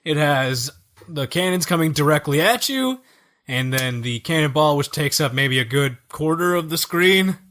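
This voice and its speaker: Male gaming podcast host, enthusiastic explainer, bright tone, lively pitch. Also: normal speed. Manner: enthusiastic, explaining game levels. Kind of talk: casual chat.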